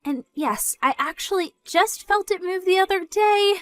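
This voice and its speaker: A young woman voicing a polite, gentle pregnant younger sister in a scripted story dub. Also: very high voice, moderate pace.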